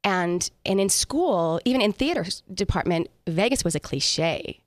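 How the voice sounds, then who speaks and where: A woman's voice: fairly low pitch, expressive, normal speed, no echo, studio quality. Chatty middle-aged woman singer. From San Diego, USA. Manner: chatty, laughing, self-mocking. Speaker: singer, guest. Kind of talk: casual interview chat.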